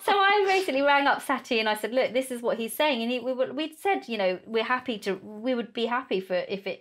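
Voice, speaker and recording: A woman in her thirties, a podcast guest, telling a personal story with lively acted-out dialogue and frequent laughter. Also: fairly high pitch. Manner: animated storyteller, acts out quoted dialogue, laughs often.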